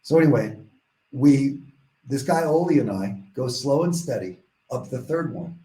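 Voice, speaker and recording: A man telling a long personal story as a podcast guest, rambling and animated, full of restarts and quoted voices. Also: medium pitch, moderate pace, slight background noise. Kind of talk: casual storytelling in a podcast interview. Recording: echoey room.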